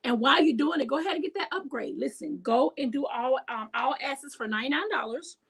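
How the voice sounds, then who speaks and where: Bubbly high-voiced woman host, gravelly edge. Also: expressive, quick pace, fairly bright tone, poor audio. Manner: bubbly, effusive, calls listeners y'all. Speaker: talk show host. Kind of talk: enthusiastic video-call interview.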